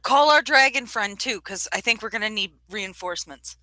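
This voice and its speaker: A woman's voice: on the high side, lively intonation, normal speed, bright, forceful tone, dry recording. A woman playing a tabletop game, brash and joking. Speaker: player. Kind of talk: casual tabletop play.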